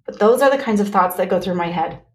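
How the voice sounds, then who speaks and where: A woman hosting her own podcast, talking candidly and earnestly to listeners in a motivational pep talk, speeding up then slowing on key words. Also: mid-range voice. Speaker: podcast host.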